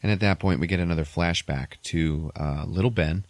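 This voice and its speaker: Low, dry-sounding male podcast host, profane and animated storyteller. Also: a little fast, no echo. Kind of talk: casual movie recap.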